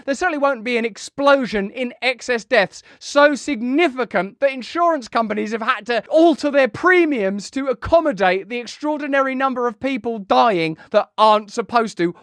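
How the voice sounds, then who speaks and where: A man's voice: very high voice, fairly bright tone, no echo, clean studio sound. A British man hosting an online show, delivering news commentary to a live chat in a sarcastic, mocking way and hammering points home through repetition. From United Kingdom.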